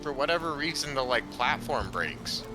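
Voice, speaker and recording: A man's voice: mid-range voice, lively intonation, moderate pace, poor audio. Plain-spoken gamer guy, matter-of-fact, a bit exasperated, music under. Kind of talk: casual gaming chat.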